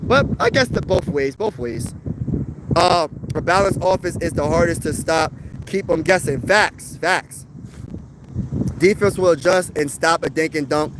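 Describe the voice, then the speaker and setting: A high-pitched young man from Pennsylvania riffs on football in loose, slangy chat. He fires off rhetorical questions and keeps an easy, animated flow. A faint hum sits beneath his voice. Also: measured pace. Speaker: sports talk livestream host. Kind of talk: casual live chat reading viewer comments.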